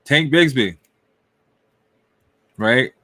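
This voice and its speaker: The host of this casual podcast talks fantasy football extremely slowly, his mid-range voice pushed and bright with no room sound. He rambles loosely, peppering things with questions and shrugging asides like "right?" and "I don't know."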